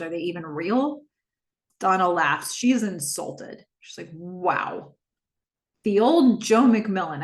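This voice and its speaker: A woman hosting a podcast casually recaps a TV episode scene by scene, acting out the characters' lines. Her retelling is animated, and she shifts her pitch when quoting characters. The recording has a roomy echo.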